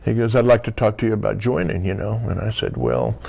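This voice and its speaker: Gravelly older man telling a story. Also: on the low side, fast talker, dark tone. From United States. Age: 60s. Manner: rambling anecdotes full of "you know", acting out dialogue. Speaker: interview guest. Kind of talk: casual storytelling interview.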